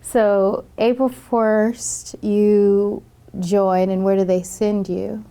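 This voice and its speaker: A woman's voice: mid-range voice, little pitch movement, very slow, warm tone, clear, resonant tone. A woman interviewer who asks questions and gives short, encouraging replies. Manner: brief encouraging prompts.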